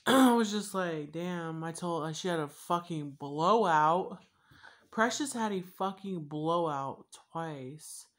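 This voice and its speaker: Lady vlogger w a really low voice, rambly and cussing a lot while she eats. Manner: rambling and profane, with frequent fillers. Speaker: YouTuber. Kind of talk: casual chat while eating on camera.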